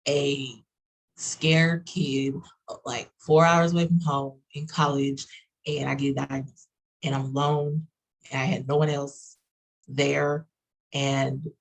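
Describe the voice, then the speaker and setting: A woman with a Texas accent, talking quickly with lots of fillers in a casual group video chat. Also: sits low, low-quality recording. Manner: fast-talking, fillers and run-on sentences. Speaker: roundtable participant.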